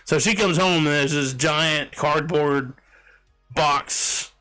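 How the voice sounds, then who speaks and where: A man co-hosting a casual podcast, retelling a story in an animated way and laughing often. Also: on the high side, slow, faint music behind. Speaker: podcast co-host. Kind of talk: casual chat.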